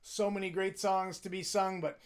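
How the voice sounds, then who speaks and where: Hoarse, high-voiced male choir director. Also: flat delivery, normal speed. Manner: chatty and self-deprecating, sings phrases to demonstrate. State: voice worn from cheering. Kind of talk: conducting instructions for a choir.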